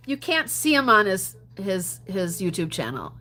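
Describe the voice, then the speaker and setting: Woman on a live stream chatting with viewers, laughs a lot, swings from loud to muttering. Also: medium pitch, measured pace, hardly any pauses. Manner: chatty and animated, laughs often, drops to mutters and whispers. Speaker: gambling livestreamer. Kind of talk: casual livestream chat, answering viewer comments.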